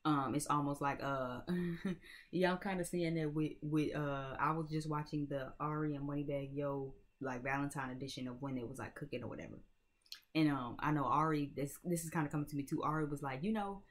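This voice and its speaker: A woman with a deep, low speaking voice gives a tarot reading straight to camera. She talks casually and bluntly and swears now and then. She keeps checking in with her viewers as she goes. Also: fairly even intonation, a little fast. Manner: conversational, keeps checking in with "right?" and "you know what I'm saying?"; blunt and streetwise, swears freely. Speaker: tarot reader.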